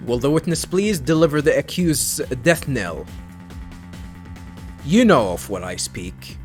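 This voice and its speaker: A man's voice: medium pitch, very animated, measured pace, soft background music. A man voicing a grim, theatrical samurai prosecutor in a video game, speaking with solemn, archaic declamation.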